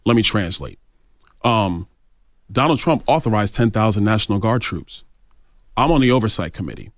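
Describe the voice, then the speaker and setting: A man with a fairly low voice, answering interview questions assertively and pushing back on each point. The recording is dry and close. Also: animated, normal speed, dry recording. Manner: assertive, argumentative. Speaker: congressman guest. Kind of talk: radio interview.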